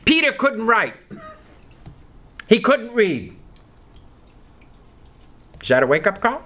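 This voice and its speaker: An older man preaches a folksy, emphatic sermon, reading scripture aloud and slowing to stress key words. His voice is high, bright, sing-song, and forceful.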